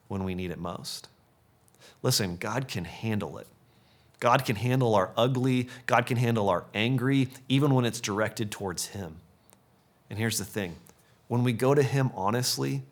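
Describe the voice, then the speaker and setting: Earnest man preaching a sermon. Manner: earnest, repeats short punchy phrases, drops to a soft low voice on key points. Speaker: pastor.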